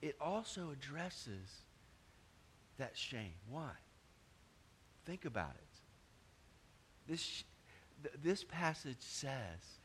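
A male pastor preaches in a somewhat high voice. He drives his points hard, then drops to a low, quiet aside. He repeats words and restarts phrases as he goes. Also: sing-song, slow, long pauses, a little hiss or hum. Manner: swings between loud emphatic stretches and quiet low asides. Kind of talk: sermon.

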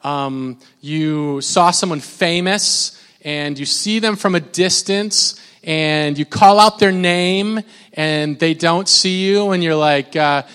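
A man's voice: on the high side, slow, clean tone. Man preaching in an echoing hall. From Minnesota. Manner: conversational, repeats words, mimics shouting. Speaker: pastor. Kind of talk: sermon. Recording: long hall reverb.

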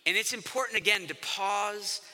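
A man preaching a sermon in an animated way, acting out the voices of the people he quotes. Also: sits high, moderate pace, big-room sound. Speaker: pastor.

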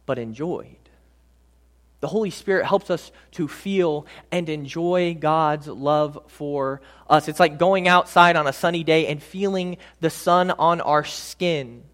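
A man preaching a sermon. He swings between raised emphatic lines and soft, slow, hushed words for emphasis. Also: fairly high pitch. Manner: dynamic preaching, drops to soft near-whispers on key words; slows right down for emphasis. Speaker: pastor.

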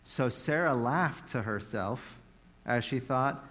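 A man's voice: mid-range voice, lively intonation, measured pace, a bit bright. A man preaching a conversational sermon, retelling a Bible story with playful asides.

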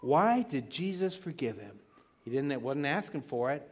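A middle-aged male preacher with a fairly high voice delivers a sermon. He leans hard on key words, drawing them out slowly. He keeps asking rhetorical questions to pull his listeners in. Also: big pitch swings, husky.

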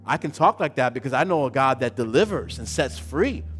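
A man preaching a sermon as pastor, repeating his phrases and building to loud emphatic questions. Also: mid-range voice, expressive, a little fast, soft background music.

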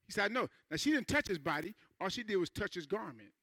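Preacher guy with a high bright voice, folksy, gets the crowd to repeat after him. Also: very animated, fast, dry recording. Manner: call-and-response preaching, repeats phrases, swings from quiet asides to loud emphasis; folksy, says "man" and "ain't". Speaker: pastor. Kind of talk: sermon. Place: church sanctuary.

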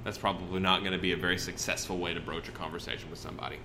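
Sitting low and delivered flatly, the man's voice races along, pushed and bright, over slight background noise. He's preaching conversationally and folksily, cutting himself off and restarting his sentences often.

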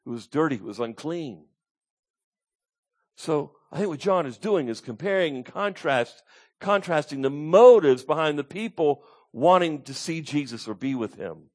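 A man's voice: fairly high pitch, lively intonation, normal speed, a little mellow. A man preaching a sermon as pastor, emphatic, repeating his key points and asking the congregation to call out answers.

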